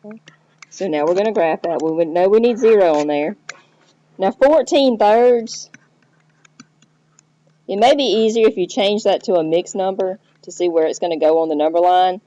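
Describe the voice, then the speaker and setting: A woman's voice: mid-range voice, moderate pace, long pauses, mellow. A woman teacher explaining math step by step, checking in with the listener as she goes. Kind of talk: recorded math lesson. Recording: dull lo-fi recording.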